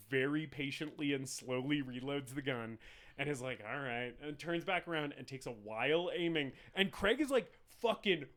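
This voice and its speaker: Rambling man from rural Arizona. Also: on the high side. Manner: rambling, filler-heavy, laughs a lot, swears, acts out movie lines. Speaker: podcast co-host. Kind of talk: casual film podcast chat.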